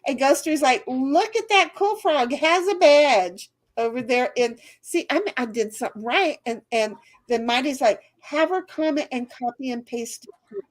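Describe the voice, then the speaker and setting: A woman's voice: high-pitched, expressive, measured pace. A woman hosting a casual livestream, reading out chat comments with loose swearing and frequent laughter.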